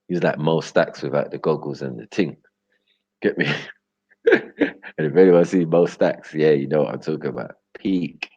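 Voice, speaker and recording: Very deep gravelly man, lo-fi. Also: moderate pace, darkish tone, no echo. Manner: street slang, rambling, laughs often. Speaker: livestream host. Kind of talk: loose live-stream banter with chat. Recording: dull lo-fi stream audio.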